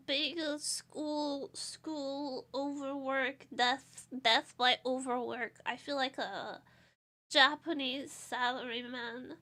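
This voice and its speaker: A woman's voice: sits high, takes it slowly, sharp tone. A Portuguese woman with a Portuguese accent chatting casually on a stream, playful and rambling, stressed and tired. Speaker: vtuber streamer.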